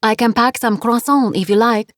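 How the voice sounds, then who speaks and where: A woman's voice: fairly high pitch, fairly even intonation, moderate pace, no echo, studio quality, voice pushed up, lightly acted. A woman voicing a cheerful, motherly French guest house owner who speaks English with a heavy French accent. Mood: kindly. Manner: warm, fussing, heavily accented English.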